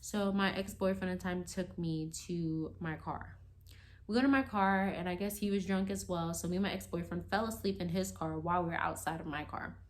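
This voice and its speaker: Woman, lowish voice, casual storytime vlogger, rambling, acts out quotes. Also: fairly quick. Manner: chatty, rambling, heavy on "like" and "you know"; acts out quoted lines in a raised voice.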